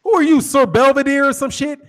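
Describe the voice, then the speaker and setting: With a very high, fairly quick and slightly bright voice, this American boxing-channel host rants in a relaxed way. He's profane and teasing, with plenty of laughter.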